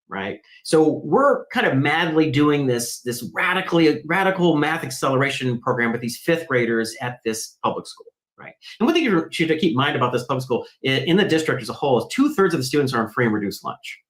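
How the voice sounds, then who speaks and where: A man as an interview guest, telling a story in a lively conversational way and acting out quoted voices. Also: a little high, fairly quick, few pauses, reverberant, poor audio. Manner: animated, acts out quoted voices. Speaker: guest, math program founder.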